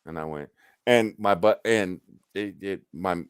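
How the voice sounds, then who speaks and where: This deep, unhurried male voice has a clean tone, no echo and clean studio sound. A middle-aged livestream host swaps work stories casually, cursing freely and animatedly acting out what people said.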